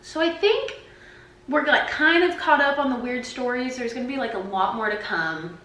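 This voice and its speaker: A young woman in her twenties tells casual stories straight to her camera, her talk full of "like". Her voice is sharp, bright and sits a little high. The camera mic picks up a lot of echo from the room. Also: animated, normal speed. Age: 20s. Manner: chatty, peppered with "like". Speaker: vlogger.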